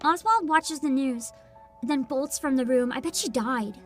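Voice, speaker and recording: A woman streaming a game, reacting in an excitable, giggly way and swearing freely. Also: sits high, unhurried. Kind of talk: casual live-stream commentary. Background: game music.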